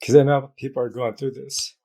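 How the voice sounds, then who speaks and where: A man's voice: medium pitch, little pitch movement, fairly quick, mellow. A man as an interview guest, telling an emotional personal story in an open, heartfelt way with many fillers. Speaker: guest, business founder.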